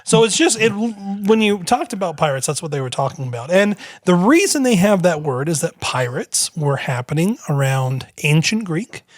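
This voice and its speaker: A man's voice: high voice, expressive, normal speed, hardly any pauses, no room sound. A man co-hosting a podcast, chatty and joking as he explains the topic. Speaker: podcast co-host. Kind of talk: casual chat.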